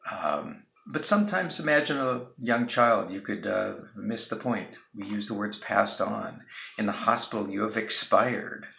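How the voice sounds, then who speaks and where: A man's voice: fairly low pitch, vocal fry, pushed and bright, roomy sound. A male instructor giving a recorded video lecture in a casual, joking way, with frequent ums and uhs. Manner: casual, joking, filler-heavy.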